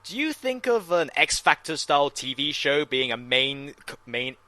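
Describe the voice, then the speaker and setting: A man's voice: on the high side, big pitch swings, normal speed, pushed and bright, no room sound. A young man co-hosting a casual movie commentary, teasing his friend and breaking into bursts of enthusiasm. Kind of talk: casual film commentary chat.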